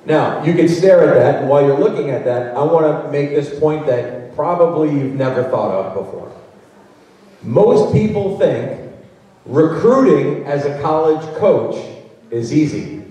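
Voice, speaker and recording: New guy giving a talk in a school auditorium, chatty, mellow voice, super echoey far-off mic. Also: fairly high pitch, animated, unhurried. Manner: conversational, acts out hypothetical quotes. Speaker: college recruiting speaker. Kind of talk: workshop presentation. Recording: roomy hall, distant mic.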